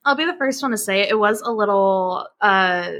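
A woman's voice: mid-range voice, normal speed, a bit bright, slight background noise. A young woman co-hosting a podcast in casual chat, playful and giggly, often restarting her sentences. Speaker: podcast co-host.

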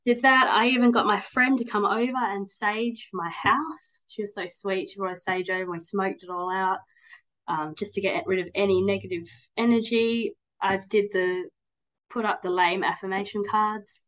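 A woman's voice: mid-range voice, fairly even intonation, moderate pace, a bit bright, rough recording. A woman, talking candidly and at length as a podcast guest, with many "like"s and "um"s. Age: 30s. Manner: candid, rambling, frequent "like" and "um". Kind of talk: casual interview chat.

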